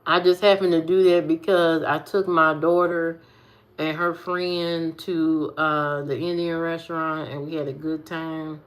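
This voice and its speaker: Slow-talking woman in casual chat. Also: low voice, little pitch movement. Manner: repeats phrases, playful teasing, drawn-out emphasis. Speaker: vlogger talking to viewers.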